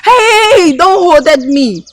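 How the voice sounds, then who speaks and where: A woman's voice: very high-pitched, animated, takes it slowly, slight background noise. A woman with a Ghanaian English accent acting a comedy skit as a canteen cook, scolding and demanding in broken English.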